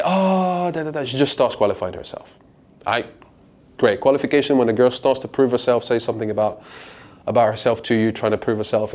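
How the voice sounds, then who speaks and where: A young man, a dating coach, giving a casual, profane seminar talk to a small group and acting out lines in a raised voice. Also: darkish tone. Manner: casual, profane, acts out lines with pitch jumps.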